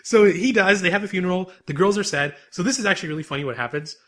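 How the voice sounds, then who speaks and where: Animated man recapping a show. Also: high voice, fast. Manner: animated, rambling episode recap. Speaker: podcast co-host. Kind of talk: casual chat.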